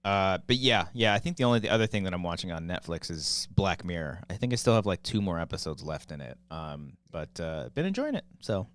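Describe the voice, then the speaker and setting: A man's voice: sits low, big pitch swings, fairly quick, hardly any pauses, a bit bright, no echo. A man in his thirties co-hosting a podcast, chatting loosely, joking and swearing freely. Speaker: podcast co-host. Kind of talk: casual chat.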